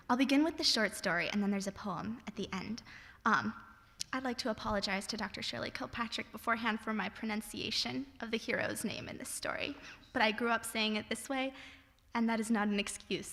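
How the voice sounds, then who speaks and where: A woman's voice: a little high, fairly bright tone. A young woman reading her own poems and stories aloud to an audience, with wry, self-mocking asides between pieces. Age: young adult. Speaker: student reader. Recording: long hall reverb.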